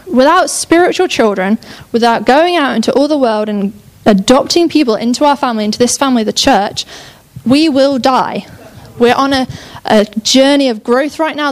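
High-pitched and fairly quick with few pauses, a young woman preaches a sermon. She's animatedly enthusiastic and chatty, regularly stopping mid-idea and restarting.

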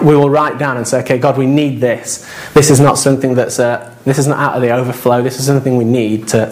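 A man preaching a sermon as pastor, in a conversational, anecdotal way with quoted asides. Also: mid-range voice.

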